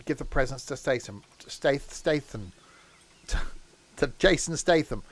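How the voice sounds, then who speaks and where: A man's voice: medium pitch, lively intonation, measured pace. A man chatting casually while live-streaming a train game, with joking asides.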